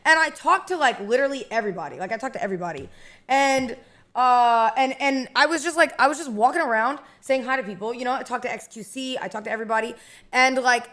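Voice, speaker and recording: A woman's voice: on the high side, fast talker, a bit bright. A woman streamer in casual chat, rambling and chatty with lots of fillers and restarts.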